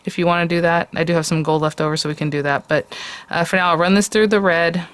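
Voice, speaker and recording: A woman's voice: lowish voice, fairly even intonation, fast talker, smooth, no room sound. A woman hosting a casual crafting tutorial, chatting and thinking aloud while she works with her hands.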